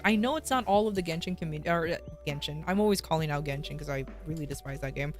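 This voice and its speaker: A woman's voice: fairly low pitch, quick pace, few pauses. Ranting woman streamer, music behind. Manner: ranting, blunt, swears, frequent restarts. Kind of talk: casual livestream chat.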